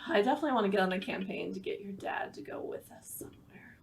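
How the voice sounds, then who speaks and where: A woman's voice: mid-range voice, fast, gravelly, in a whisper. A woman co-hosting a podcast in casual chat, rambling and laughing often. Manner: giggly, rambling. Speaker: podcast co-host.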